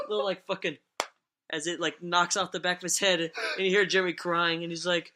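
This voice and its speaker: A man's voice: high-pitched, steady tone, fairly quick, pushed and bright, slight background noise. A young man telling stories on a casual podcast, rambling and swearing, often laughing as he talks. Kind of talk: casual storytelling chat.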